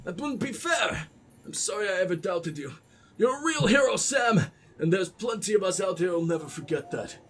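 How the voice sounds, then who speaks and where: Man putting on a grateful letter writer with a mock Russian accent, high and lively. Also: normal speed, faint music behind. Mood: earnest. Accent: put-on Russian. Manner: reading aloud in a mock accent.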